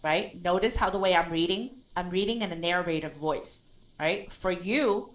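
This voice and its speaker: A woman's voice: on the low side, moderate pace. Patient woman coaching pronunciation, lo-fi. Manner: patient, corrective, checks in with "okay?" and "right?". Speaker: English pronunciation teacher. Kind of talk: live online pronunciation lesson.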